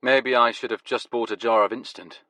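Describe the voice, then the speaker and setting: Bright-voiced male audiobook narrator. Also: mid-range voice, steady tone, moderate pace, dry recording. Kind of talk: first-person scripted narration.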